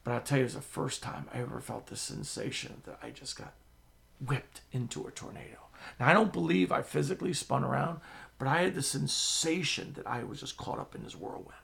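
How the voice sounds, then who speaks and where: A man preaching a sermon as the pastor, telling stories with sudden drops to a whisper and swells of loudness. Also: mid-range voice, fairly quick, creaky. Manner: animated storytelling, drops to a whisper and swells loud.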